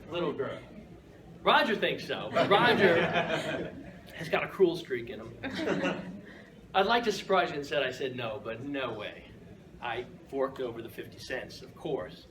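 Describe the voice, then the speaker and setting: A man giving a humorous storytelling speech at a speaking club, keeps checking in with "right?" and chuckles often. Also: mid-range voice. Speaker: Toastmasters speaker. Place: room with an audience. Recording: echoey room from far off, noisy.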